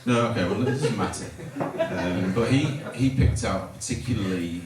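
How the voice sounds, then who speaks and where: A man's voice: fairly low pitch, moderate pace, distant mic. A man from North Lincolnshire doing a hesitant, self-deprecating open-mic stand-up set. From North Lincolnshire, England. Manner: rambling, self-deprecating, hesitant with many fillers. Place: small comedy night in a hotel bar. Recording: roomy hall recorded from afar with loud noise. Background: audience laughter.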